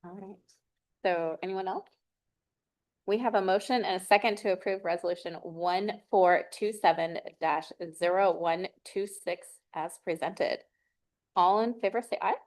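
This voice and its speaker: A woman chairs a city council meeting as mayor. She calls for motions and votes in a brisk, procedural way, with a mid-range voice. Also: medium pitch, poor audio. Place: city council meeting over video call.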